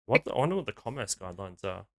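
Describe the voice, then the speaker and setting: A man's voice: fairly low pitch, big pitch swings, a bit bright, no room sound. Laid-back man, dry sound. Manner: laid-back, swears casually, reads articles aloud haltingly. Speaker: podcast co-host. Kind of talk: casual chat.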